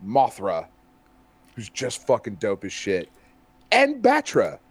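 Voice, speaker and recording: A man's voice: fairly low pitch, takes it slowly, breathy edge. A man co-hosting a casual comic review chat, swearing freely and laughing often. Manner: profane, animated, laughs often. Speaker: podcast co-host reviewing comics.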